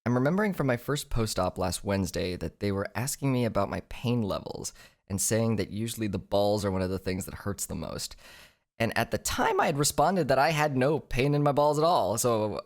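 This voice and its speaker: A man's voice: mid-range voice, expressive, a little fast. A tired young man in a hotel room, talking in a crude, joking vlog monologue and laughing often. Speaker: vlogger.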